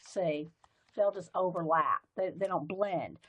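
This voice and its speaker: A woman's voice: fairly low pitch, a little slow, slightly rough. A woman with a light Southern US accent, hosting a casual live stream and chatting as she demonstrates pens and markers, rambling and easily sidetracked. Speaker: livestream art host.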